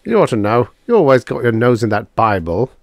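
A man voicing a gruff, excitable male space salvager who complains a lot. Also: medium pitch, fairly quick, no room sound, clean studio sound, pitched above the performer's own voice. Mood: grumbling.

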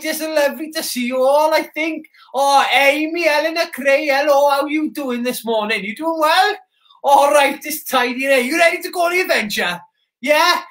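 With a very high voice, a Welsh man stays in character as a soldier while hosting a live children's broadcast, chatting with viewers in an excitable, shouty way amid roomy echo.

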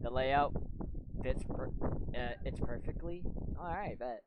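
A man streaming himself building a game level, chatting casually, excitable and swearing offhand. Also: medium pitch, a little slow, lo-fi sound, background noise. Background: game music.

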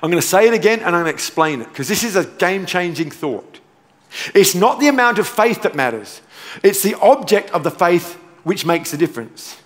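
A pastor preaches a sermon forcefully in a large church auditorium, pounding his points, repeating key lines and slipping in playful asides. His voice is high for a man, brisk, with big pitch swings, and the hall adds long reverb.

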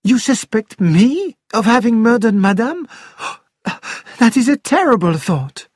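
A loyal young French maid, voiced by a man in an audiobook drama, high-pitched and earnest. She answers anxiously and pleads that she is innocent. The recording is close and dry. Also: big pitch swings, a little slow, no room sound, heavily acted. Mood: pleading.

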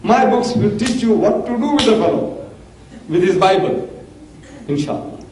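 A man's voice: high-pitched, animated, normal speed. Emphatic older man lecturing. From South Africa. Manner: emphatic, rhetorical questions, exclamations. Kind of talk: public lecture with questions and answers. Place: mosque hall. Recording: echoey hall from far off, faint hiss.

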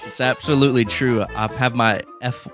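A man's voice: mid-range voice, steady tone, moderate pace. A young man co-hosting a let's-play video, joking playfully in casual gaming banter. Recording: faint game music behind.

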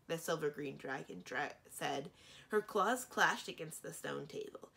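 Low-voiced, animated librarian reading aloud. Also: female voice, normal speed, gravelly. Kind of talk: children's book read-aloud.

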